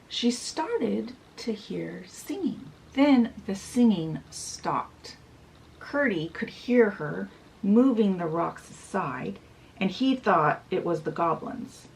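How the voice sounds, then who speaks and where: A woman's voice: mid-range voice, gravelly, distant mic. A woman vlogger retelling a fairy tale in a casual, chatty way, full of "she's like" asides. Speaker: book vlogger. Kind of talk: casual storybook summary.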